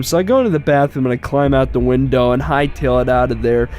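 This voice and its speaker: A man improvising a comic story, rambling and halting, full of fillers and swearing. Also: fairly high pitch, flat delivery, darkish tone, faint music behind.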